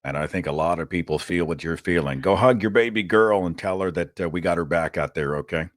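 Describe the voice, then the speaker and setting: A man's voice: low voice, brisk, no room sound, clean studio sound. A man hosting a call-in show, talking in a casual, loose, conversational way. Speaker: host.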